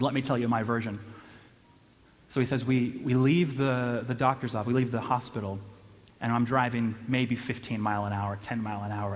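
A young man telling a funny personal story to an audience at a church event, animated and self-deprecating, with lots of restarts and "right?". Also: mid-range voice. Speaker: church speaker. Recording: long hall reverb.

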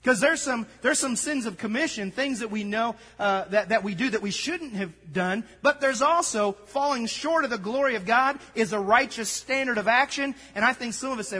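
A man preaching a sermon, telling a story and acting out the dialogue with lively energy. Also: very high-pitched, moderate pace, hardly any pauses, slightly rough, big-room sound. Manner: storytelling, animated, acts out dialogue. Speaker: pastor.

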